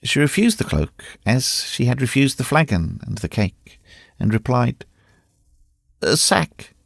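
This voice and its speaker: A man narrating a classic novel in a dramatic, expressive reading. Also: mid-range voice, moderate pace, creaky, no echo, clean studio sound. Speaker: audiobook narrator. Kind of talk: scripted narration.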